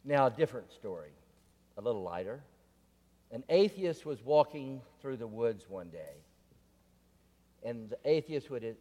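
Male preacher, low and unhurried, deliberate sermon delivery, long reverb. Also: warm tone. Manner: deliberate, repetitive questioning. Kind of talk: sermon with storytelling. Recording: long reverb of a large room.

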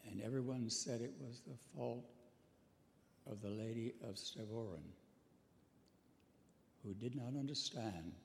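A man telling a moral tale as a sermon, measured and solemn, with dramatic pauses, and acting out a captain's lines. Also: gravelly. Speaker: storyteller, preacher. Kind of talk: storytelling sermon. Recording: echoey hall with faint rumble.

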